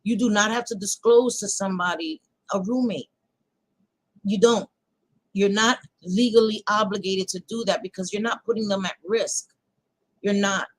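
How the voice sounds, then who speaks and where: A woman's voice: medium pitch, fairly even intonation, moderate pace, poor audio. A woman in heated casual livestream chat, talking emphatically and repeating her points for stress. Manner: emphatic, repetitive, apologetic at times.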